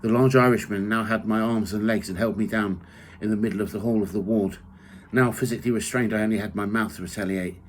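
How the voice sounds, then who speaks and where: A man reading from his own memoir in the first person, measured and steady. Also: fairly low pitch, a little hiss or hum, low-quality recording. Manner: measured reading, rising loud for quoted shouts.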